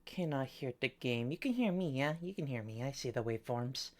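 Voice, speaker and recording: A woman's voice: rumbling low, expressive, brisk. A young woman streaming a game, chatting casually in a playful, jokingly whiny way. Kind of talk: casual live-stream chat.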